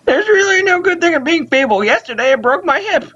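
A man voicing a frail, sickly old mother in a quavering, mock-sweet falsetto during a comic game playthrough. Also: expressive, fairly quick, a bit bright, dull audio. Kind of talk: comic let's-play voice-over.

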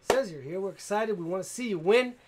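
A man with a high voice hosts a tool channel's giveaway livestream, talking quickly and animatedly over heavy background noise. He's upbeat, calling out to viewers and reading their comments aloud in casual chat.

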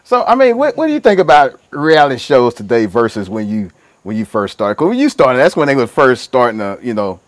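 Slangy male interviewer, expressive pitch. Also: brisk, no echo. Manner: relaxed, slangy, brief reactions. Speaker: interviewer host. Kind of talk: casual interview chat.

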